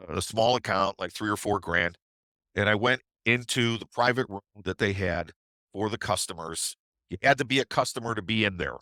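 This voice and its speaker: Forceful low-voiced trading teacher telling a story. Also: male voice, no room sound. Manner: conversational, with tag questions. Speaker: trading educator. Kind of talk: webinar storytelling.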